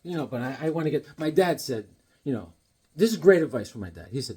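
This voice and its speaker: Man, casual comic book chat, corny jokes, rambling, husky voice, lively up-and-down pitch. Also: quick pace. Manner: joking, rambling, corny one-liners.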